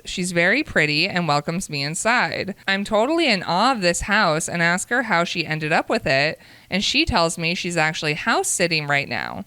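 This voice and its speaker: A woman's voice: on the low side, bright, forceful tone, clear, resonant tone, no room sound. A woman co-hosting a casual chat show, reading submitted dating stories aloud, acting out the quotes and adding her own comments. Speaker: podcast co-host reading stories.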